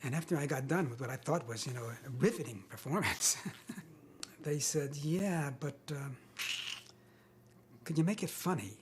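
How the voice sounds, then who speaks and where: A man's voice: medium pitch, lively intonation, normal speed, slight background noise. An older man, an actor guest in an interview, telling self-deprecating anecdotes with hesitant restarts.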